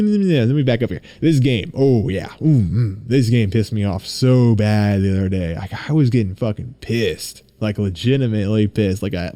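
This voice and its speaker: A young man hosting his own podcast, chatting casually and excitably, rambling and swearing freely. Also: lowish voice, no room sound. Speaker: podcast host. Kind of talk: casual solo podcast chat.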